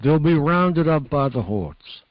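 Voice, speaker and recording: Slow, deliberate male host on a muffled call. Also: fairly high pitch, big pitch swings. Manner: slow, deliberate, reads out quotes carefully. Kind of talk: casual video-call chat. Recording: muffled dry call audio.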